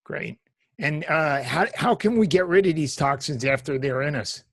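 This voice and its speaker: A man's voice: fairly high pitch, expressive, moderate pace, dry recording, clean studio sound. A man hosting a podcast, asking short questions and adding brief interested remarks. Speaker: podcast host.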